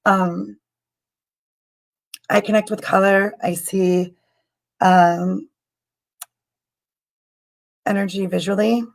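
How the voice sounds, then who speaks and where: A woman hosting a live stream as a spiritual healer, guiding a meditation in a soft, halting, emotional way with many ums, and she is tearful. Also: medium pitch, fairly even intonation, creaky, rough recording. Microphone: computer mic on a live stream.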